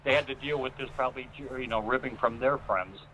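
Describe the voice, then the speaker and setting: A man telling a personal story as a guest, earnest and emotional, with many pauses. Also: mid-range voice, pushed and bright. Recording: phone-like line.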